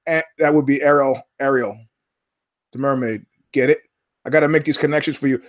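A man with a mid-range voice and steady tone, speaking a little fast, hosts his own podcast solo. His commentary is rambling, sardonic and profane, drifting from one story to the next.

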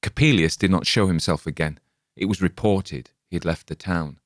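A man narrating a gothic story in a measured, dramatic reading. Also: low voice, no echo, clean studio sound. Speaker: audiobook narrator. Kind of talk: scripted narration.

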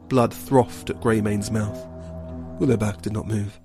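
A man narrating an audiobook fantasy story in an even, hushed storytelling manner. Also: fairly low pitch, a little slow, slightly rough. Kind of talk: scripted narration. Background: background music.

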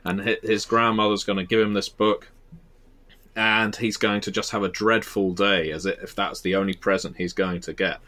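A man with a Southern English accent hosts a casual podcast. His voice sits low, and he talks in a rambling, self-deprecating way, with plenty of "uh" and restarts. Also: little pitch movement, normal speed, pushed and bright. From England. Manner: chatty, self-deprecating, many filler restarts. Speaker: podcast host and interviewer.

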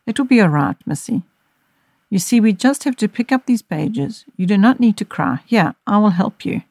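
A woman reading as a gentle soothing mother. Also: medium pitch, animated, normal speed, no room sound, studio quality, voice pushed up. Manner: soft, soothing, reassuring. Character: gentle, caring mother soothing her daughter.

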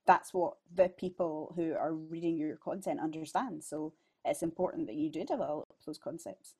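A woman's voice: low-pitched, normal speed, warm tone, breathy edge. A woman with a West of Scotland accent, a guest chatting casually on a podcast. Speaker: podcast guest, legal journalist.

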